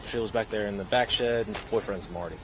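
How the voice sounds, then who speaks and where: A male police officer calmly questioning witnesses and describing the scene, recorded on his bodycam. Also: on the low side, fast talker, crowd noise. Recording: bodycam mic with street noise.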